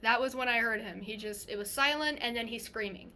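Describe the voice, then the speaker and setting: Young woman rambling a story to her phone, kinda high voice, lotta restarts, faint hiss behind. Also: a little fast, sharp tone. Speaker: vlogger. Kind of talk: casual storytelling to camera.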